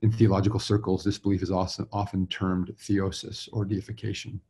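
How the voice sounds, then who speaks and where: A man's voice: deep voice, flat delivery, a little fast, mellow, slightly rough. A man from Utah, a religion professor, giving a recorded symposium talk in an easygoing, self-deprecating way, full of fillers and restarts. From Utah, USA. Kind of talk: recorded conference lecture. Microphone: remote talk recording with screen share.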